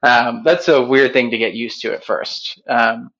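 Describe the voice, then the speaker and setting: A man's voice: medium pitch, fairly even intonation, measured pace, a bit bright. Thoughtful man, slightly muffled recording. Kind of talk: reflective conversational storytelling.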